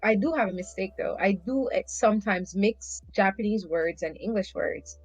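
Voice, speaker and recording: A woman's voice: medium pitch, moderate pace, dry recording, low-quality recording. A woman, a language teacher, chatting casually as an interview guest and acting out funny quotes. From Jamaica. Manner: animated storyteller, acts out funny quotes.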